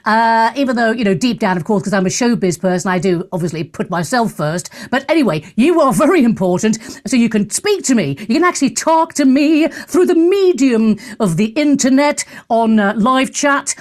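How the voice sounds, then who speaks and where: A woman's voice: fairly high pitch, expressive, moderate pace, hardly any pauses, darkish tone. A middle-aged woman hosting a talk radio show, giving a brash, sarcastic monologue with theatrical asides.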